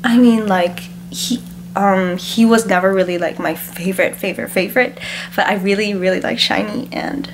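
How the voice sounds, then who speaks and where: A woman's voice: mid-range voice, steady tone, background noise. A woman talking casually to the camera, teary and hesitant, often stopping and restarting. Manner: halting, hesitant and soft-spoken. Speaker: cover singer.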